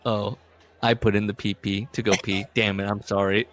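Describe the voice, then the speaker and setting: A man hosting a casual podcast book discussion, recapping and reading passages with lively put-on voices. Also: lowish voice, normal speed, a faint crowd. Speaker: podcast host.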